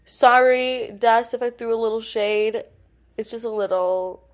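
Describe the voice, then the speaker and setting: A young woman hosting a podcast, telling animated, laughing stories in casual chat and swearing freely. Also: on the high side, measured pace. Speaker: podcast host.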